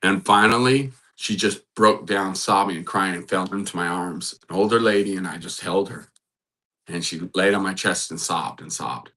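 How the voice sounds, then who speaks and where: A man with a fairly low voice and a bright, forceful tone hosts a faith-based motivational talk. He speaks earnestly and often repeats simple affirmations, and his voice sometimes softens to a near hush. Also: normal speed. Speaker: host and matchmaker.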